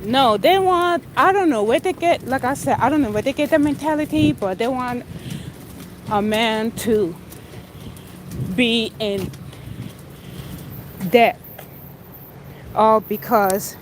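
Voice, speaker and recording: Sassy, slow-talking woman outdoors. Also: a little high, slight background noise, low-quality recording. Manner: blunt, sassy storytelling. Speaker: vlogger. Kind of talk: casual livestream chat.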